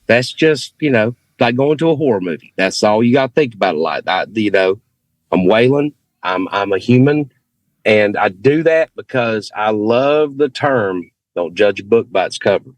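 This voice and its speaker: A man's voice: lowish voice, animated, moderate pace, no room sound. Southern man with a thick drawl. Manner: earnest, emphatic, repeats himself for stress. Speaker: guest, rock and metal singer. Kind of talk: casual conversation on a video call. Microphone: video call.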